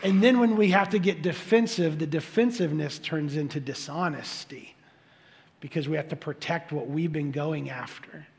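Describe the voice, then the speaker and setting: A man preaching a sermon as pastor, animated, acting out the voices he quotes. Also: on the high side, normal speed, gravelly, in a large hall.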